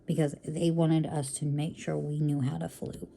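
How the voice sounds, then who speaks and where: With a low, creaky, mellow voice, a level tone, and normal speed, a woman chats as she diamond paints, with slight background noise. She's a casual vlogger who calls viewers y'all and keeps breaking off for apologies or to talk to herself while working.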